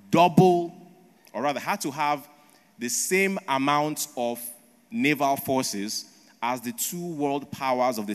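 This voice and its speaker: A male preacher delivering a sermon as a story, asking rhetorical questions and checking in with "right?" along the way. His voice sits at an ordinary male pitch, and the long reverb of a large hall trails behind every phrase.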